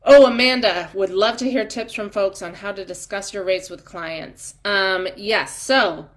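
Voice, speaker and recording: Slow, chatty woman coaching on a livestream. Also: medium pitch. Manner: chatty and upbeat, reading out viewer comments; encouraging, with frequent ums and trailing asides. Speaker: business coach for doulas. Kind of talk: live-streamed coaching chat.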